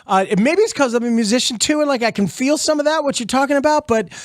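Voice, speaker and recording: A male sports radio co-host with a high voice who keeps things joking and upbeat. His voice sounds dry and close to the mic. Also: fast, dry recording. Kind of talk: radio talk show chat.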